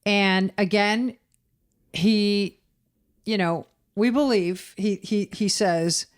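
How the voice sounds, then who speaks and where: A woman's voice: mid-range voice, fairly even intonation, slow. Chatty woman retelling a crime story. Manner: retells events with acted-out quotes and laughs. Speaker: podcast co-host. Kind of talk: casual true-crime chat.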